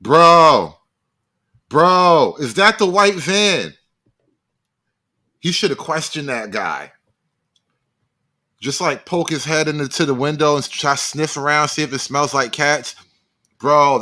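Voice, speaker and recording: A man's voice: fairly high pitch, lively intonation, slow, long pauses, bright, forceful tone. A man reacting live to a video for his stream, cracking profane, mocking jokes as he riffs.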